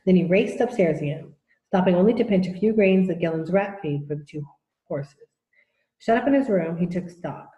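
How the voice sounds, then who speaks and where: A woman reading a children's novel aloud in a steady, even manner, in an echoey room. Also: on the low side, normal speed, lo-fi sound. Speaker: audiobook reader. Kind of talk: storybook narration.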